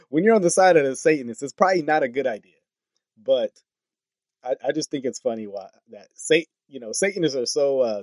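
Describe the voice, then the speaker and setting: A man's voice: medium pitch, dry recording. Guy doing a commentary vid reading tweets, incredulous, trips over words a lot, dry close sound. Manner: animated, incredulous, stumbles over words with laughs. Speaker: political commentary host.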